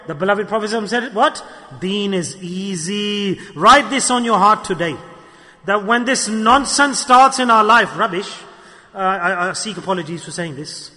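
Brief: impassioned male preacher, high bright voice, hall reverb. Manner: impassioned, acts out excuses in mocking voices. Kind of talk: sermon.

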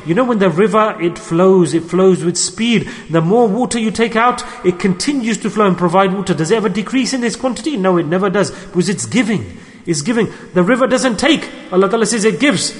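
High-voiced preacher man in a reverberant hall. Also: fast talker. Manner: earnest, repetitive phrasing, sprinkles Arabic religious terms. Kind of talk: sermon with storytelling.

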